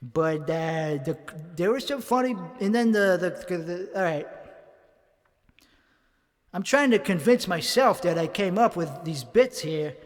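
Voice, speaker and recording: High-voiced man in a profane, rambling monologue. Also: lively intonation, unhurried, big-room sound. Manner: profane, rambling, self-critical; speaking in a put-on accent. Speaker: comedian working out bits. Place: home studio.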